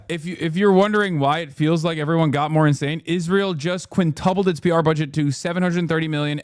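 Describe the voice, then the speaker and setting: A man's voice: fairly high pitch, dry recording, clean studio sound. A man streaming heated political commentary, talking indignantly with frequent restarts and fillers.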